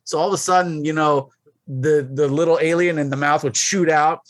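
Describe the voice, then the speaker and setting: A podcast co-host with a voice pitched a bit higher than most men, rambling through an anecdote with lots of fillers. The recording is dry and close, with no room echo. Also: male voice, steady tone, normal speed. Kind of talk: casual chat.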